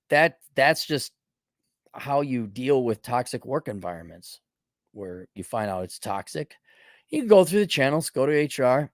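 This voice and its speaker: A man's voice: medium pitch, no room sound, clean studio sound. Blunt, profane man giving advice. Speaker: host. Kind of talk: advice monologue.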